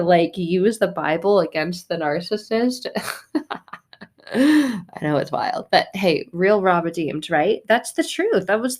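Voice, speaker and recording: Expressive woman, low-pitched voice. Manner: expressive, emphatic, swings from soft to heated. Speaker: emotional abuse recovery coach. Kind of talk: candid faith-based vlog talk.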